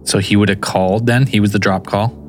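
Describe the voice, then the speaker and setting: A man's voice: lowish voice, fairly even intonation, a little fast, a little hiss or hum. A man co-hosting a casual podcast, mostly adding short reactions and jokes. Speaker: podcast co-host.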